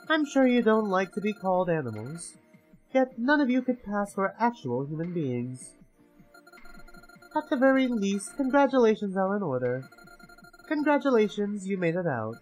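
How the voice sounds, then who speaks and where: A man's voice: high-pitched, voice pushed up, rough recording. A man voicing a mocking mastermind who runs a death game, with a taunting, theatrical announcer's delivery.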